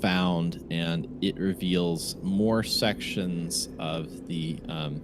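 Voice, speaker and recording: A game master from Southern Louisiana with a somewhat low voice narrates a tabletop game. He speaks haltingly, filling pauses with fillers and restarting his sentences, over a faint background hiss. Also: fairly even intonation.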